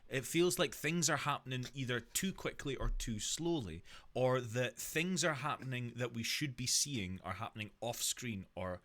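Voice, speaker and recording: A man's voice: mid-range voice, lively intonation, normal speed, hardly any pauses, fairly bright tone. Hesitant, critical male co-host. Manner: critical, hesitant, repeats words. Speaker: podcast co-host. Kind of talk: casual chat.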